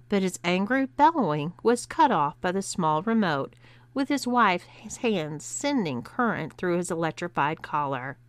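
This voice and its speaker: Woman narrator for erotic audiobook; measured, unhurried, smooth tone. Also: medium pitch, fairly bright tone, no room sound.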